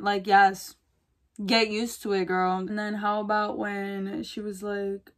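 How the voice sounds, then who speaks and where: A young woman chats her way through a makeup tutorial. Her talk is slangy and gossipy, with "like" in nearly every sentence. Her pitch sits in the middle range for a woman. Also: flat delivery, takes it slowly. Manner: gushing, gossipy, slangy, lots of "like". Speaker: beauty vlogger. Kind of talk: casual chat during a makeup tutorial.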